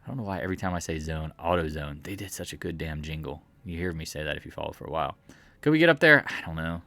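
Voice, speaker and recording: A man's voice: very deep voice, expressive, very fast, creaky, bright, forceful tone, no echo. A man giving a casual, rambling, jokey commentary while reviewing stock charts at home. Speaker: market commentator.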